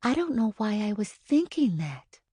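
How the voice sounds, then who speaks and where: A woman narrator quietly quoting her innocent five-year-old son, in her own plain voice. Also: mid-range voice, big pitch swings, normal speed, slightly rough, dry recording. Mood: solemn.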